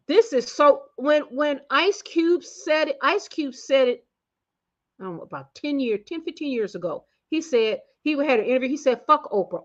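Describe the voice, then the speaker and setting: A woman hosting a casual opinion commentary, talking in slang, meandering through fillers and restarts and swinging between loud outbursts and muttered asides. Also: high voice, muffled recording. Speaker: commentary channel host.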